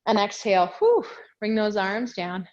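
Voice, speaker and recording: A woman's voice: medium pitch, very animated, unhurried, muffled recording. A woman teaching a yoga class over a video call, talking in a chatty, self-correcting way and a little out of breath as she does the moves with the class. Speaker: yoga instructor. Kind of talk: guided yoga class cues. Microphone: video call mic.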